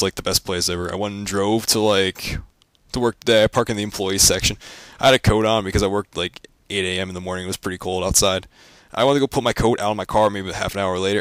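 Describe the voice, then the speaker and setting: A young man ranting casually about his life as a vlogger, rambling with lots of fillers and deadpan jokes. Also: deep voice, no room sound.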